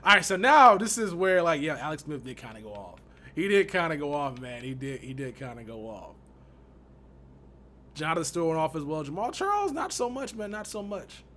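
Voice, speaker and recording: Animated, bright-voiced young man griping over gameplay. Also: on the high side, brisk, slight background noise. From Texas. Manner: exasperated, slangy, laughs often. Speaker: gaming YouTuber. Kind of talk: casual gameplay commentary.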